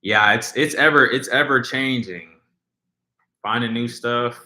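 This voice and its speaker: A man's voice: medium pitch, unhurried, bright, forceful tone. A man hosting a casual livestream, chatting with viewers in a rambling way, full of fillers and restarts. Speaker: livestream host reacting to music. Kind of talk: casual livestream chat, reading viewer comments. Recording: roomy echo.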